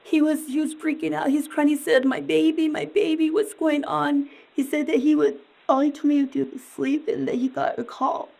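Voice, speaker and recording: A woman with a high voice full of gravelly fry, dazed and distraught as she answers questions in a police interview. She talks in halting, rambling bursts and keeps repeating herself. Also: flat delivery, darkish tone, low-quality recording.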